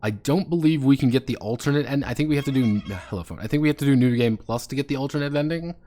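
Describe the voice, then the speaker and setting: A man's voice: mid-range voice, fast talker, warm tone, slight background noise. A man streaming a video game, commenting sarcastically and swearing as he rambles through the playthrough. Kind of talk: live gameplay commentary.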